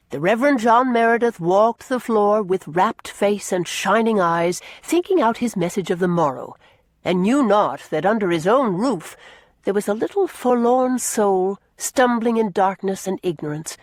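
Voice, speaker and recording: A woman's voice: dry recording, studio quality. A woman narrating a classic novel as an audiobook, telling the story expressively. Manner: expressive storytelling with varied pitch.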